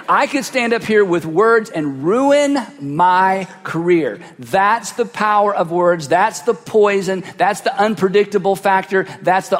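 A man's voice: high voice, animated, moderate pace, few pauses. A man preaching a sermon as pastor, speaking into a cheek microphone and emphatically repeating phrases for effect. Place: church sanctuary. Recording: long hall reverb.

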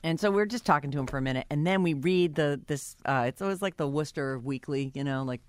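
A woman co-hosting a podcast in casual chat, telling an anecdote in an animated way with frequent laughs. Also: sits low, quick pace. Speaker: podcast co-host.

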